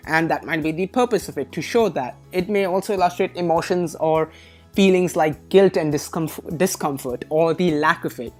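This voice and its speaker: This is a woman with a low, deep speaking voice who walks through reading test material as a tutor. She explains step by step and corrects her own slips with a wry aside. Soft music sits faintly behind her. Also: moderate pace. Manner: methodical, self-correcting, lightly wry. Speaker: SAT tutor. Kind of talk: explanatory lesson.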